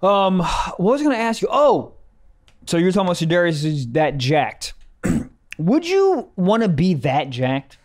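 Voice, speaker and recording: Podcast co-host, young man, teasing and crude, fairly high and lively. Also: unhurried. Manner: joking, teasing, crude banter. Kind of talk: casual chat.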